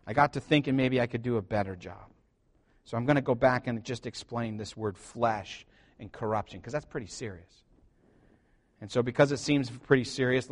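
A man preaching to his church, animated and joking, calling out to the congregation for responses. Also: medium pitch. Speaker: pastor. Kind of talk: sermon. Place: church sanctuary.

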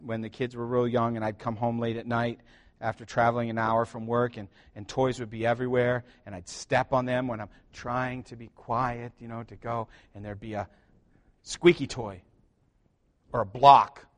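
A middle-aged man preaching a sermon as pastor, joking and shifting between loud emphasis and quiet asides. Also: medium pitch, little pitch movement, moderate pace.

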